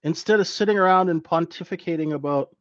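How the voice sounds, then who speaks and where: A man's voice: on the high side, quick pace, fairly bright tone, no echo, lo-fi sound. A man teaching a live trading class in a conversational way, who keeps checking in with "right?". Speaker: trading instructor.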